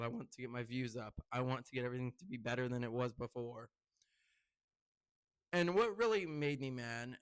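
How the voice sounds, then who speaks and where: A man's voice: medium pitch, clear, resonant tone. A young man vlogging straight to camera about his own channel. He talks in a loose, rambling way, full of "like" and restarts, and keeps working himself up into an indignant rant. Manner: rambling and heated, heavy use of "like". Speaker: content creator. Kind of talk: casual vlog rant to camera.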